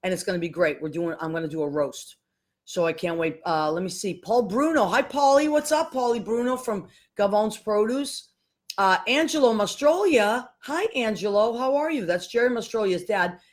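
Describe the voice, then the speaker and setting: A woman's voice: mid-range voice, normal speed. A woman hosting a live show solo, chatting casually and greeting listeners one by one by name. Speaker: host.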